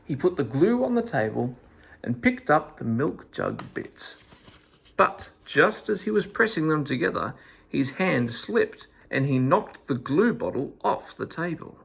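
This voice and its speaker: A man reading a children's story aloud in an expressive, animated storytelling manner. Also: fairly high pitch, vocal fry, breathy edge.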